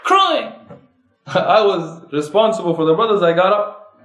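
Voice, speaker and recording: Male preacher, high voice, fervent rhetorical delivery, recorded in a reverberant mosque hall. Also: normal speed. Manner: impassioned, rhetorical questions, rising emphasis. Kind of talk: sermon.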